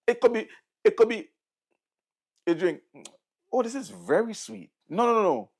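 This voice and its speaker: A middle-aged Vincentian man delivers sarcastic political commentary as a host, hammering single words over and over for emphasis. His voice is gravelly and fairly high for a man, and it leaps up and down with a lot of swing. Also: big pitch swings, moderate pace, long pauses, a little mellow. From St Vincent and the Grenadines.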